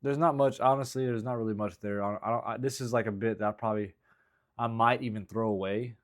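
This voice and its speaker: A stand-up comedian works through his material in a casual vlog, talking fast in an ordinary male pitch. He rambles, restarts often, and keeps tossing in self-critical asides.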